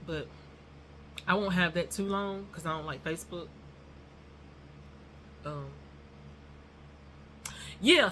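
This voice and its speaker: A woman's voice: fairly low pitch, fairly bright tone, slight background noise. A woman telling a rambling story to her viewers in a casual vlog, chatty and addressing them as y'all. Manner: self-described nervous and non-confrontational. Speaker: YouTuber.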